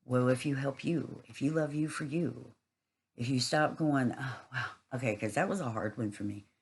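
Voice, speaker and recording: A woman's voice: rumbling low, moderate pace, husky, poor audio. A woman giving a rambling, casual spiritual monologue, earthy and swearing freely.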